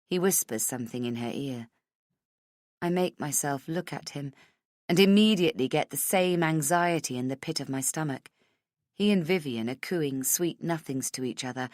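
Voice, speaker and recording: A woman narrating a first-person thriller audiobook in a hushed, close, emotional way. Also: low-pitched, no echo.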